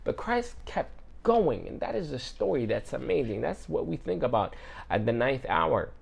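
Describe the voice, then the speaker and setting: A man giving a casual devotional sermon in an earnest, conversational way, often leaning on fillers. His voice has a gravelly fry at the ends of phrases. At times he drops to a hushed, quiet delivery. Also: mid-range voice, big pitch swings, normal speed. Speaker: preacher.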